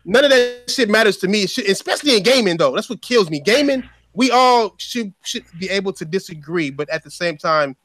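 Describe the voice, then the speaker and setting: Man, podcast host, high voice, quick pace, casual slangy chat, repeats himself. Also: lively intonation, a bit bright.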